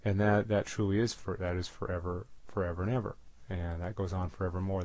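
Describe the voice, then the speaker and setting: A man's voice: deep voice, flat delivery, brisk, darkish tone, dry recording. A man preaching a bible study sermon, reading verses aloud with stressed words and adding plain explanations with fillers.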